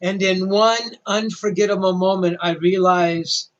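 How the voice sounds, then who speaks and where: A man's voice: high voice, fairly even intonation, a little slow, a bit bright, dull audio. An older male rock journalist telling a story animatedly, with self-deprecating humor. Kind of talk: storytelling interview.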